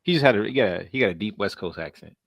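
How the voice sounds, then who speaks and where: A man's voice: lowish voice, lively intonation, fast, creaky, no echo, studio quality. A man hosting a casual reaction stream, joking and sounding incredulous as he laughs often.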